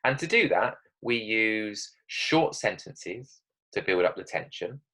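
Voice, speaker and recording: A man's voice: fairly low pitch, lively intonation, slow pace, pushed and bright, poor audio. A male teacher giving a recorded writing lesson, talking emphatically, often checking in with "okay?" and reading example sentences dramatically.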